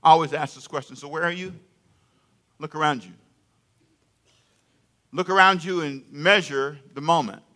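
A man's voice: fairly high pitch, moderate pace, long pauses, bright, forceful tone. An older man preaching a sermon in a conversational way, repeating phrases and getting the congregation to answer him aloud.

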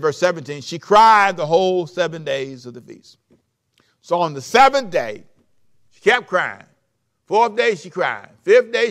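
A man's voice: on the high side, fairly bright tone. A man preaching a sermon, reading scripture and explaining it in a loose, conversational way, repeating phrases and putting direct questions to his listeners.

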